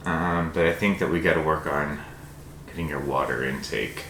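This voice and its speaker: A man chatting alongside his wife on a home vlog, relaxed and supportive. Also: extremely low pitch, normal speed, background noise. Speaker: husband co-host. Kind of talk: casual vlog chat. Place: home kitchen. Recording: roomy echo, faint background ambience.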